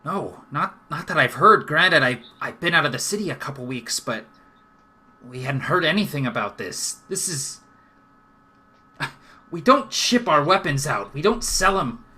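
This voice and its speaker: A man voicing an earnest, proud male dwarf leader in a tabletop game who talks gruffly and says "aye". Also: a little high, very animated, unhurried, sharp tone, full character voice. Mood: bewildered.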